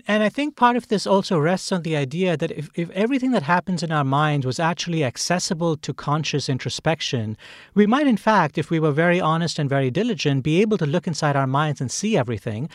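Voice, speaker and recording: A man hosting an interview conversation, speaking in a thoughtful, measured way with occasional restarts. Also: on the high side, no room sound, studio quality. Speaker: host.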